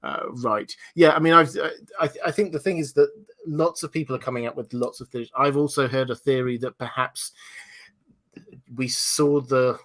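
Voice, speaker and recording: A man's voice: mid-range voice, steady tone, moderate pace, a bit bright. A man hosting a casual livestream chat, musing aloud with many restarts and fillers. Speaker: livestream host.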